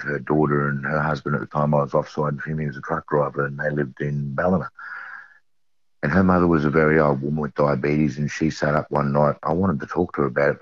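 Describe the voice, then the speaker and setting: This eyewitness is a middle-aged Australian man whose voice is remarkably deep. He earnestly relates something that happened to him, repeating key phrases as he circles back, over dry, dull, lo-fi audio with no room sound at all.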